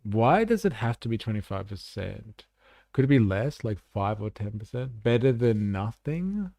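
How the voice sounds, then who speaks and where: A man's voice: lowish voice, very animated, moderate pace, creaky, mellow, dry recording, studio quality. A man hosting a casual livestream, chatting back to comments and saying "like" a lot. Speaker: livestream host.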